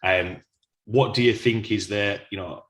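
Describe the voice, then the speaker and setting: A man's voice: lowish voice, steady tone, unhurried, a bit bright. A man hosting a casual interview podcast, easygoing and agreeable with loose phrasing. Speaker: podcast host, coach.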